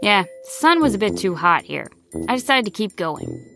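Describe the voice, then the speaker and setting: A woman putting on a rambling raspy young gnome boy. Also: mid-range voice, very animated, moderate pace, heavily acted. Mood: chatty. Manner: rambling, self-interrupting. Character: nervous chatty male gnome, about nine. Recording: soft background music.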